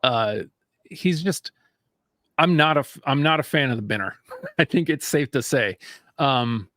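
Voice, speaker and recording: A man's voice: medium pitch, lively intonation, a little slow, fairly bright tone, dry recording, studio quality. A man co-hosting a casual sports podcast, laid-back and blunt, laughing easily. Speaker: podcast co-host.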